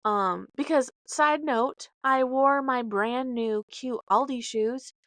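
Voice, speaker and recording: A podcast host with a high, fairly bright voice tells a story slowly and casually, rambling into side notes and correcting herself along the way. She's dramatic, performing the quoted dialogue, and the recording has no room sound.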